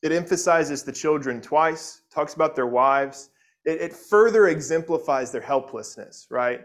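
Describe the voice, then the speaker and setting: A man's voice: fairly high pitch, a little slow. A man preaching an expository sermon, earnest, often repeating words and checking in with "right?", and reading scripture aloud with feeling. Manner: reads scripture aloud expressively. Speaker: pastor.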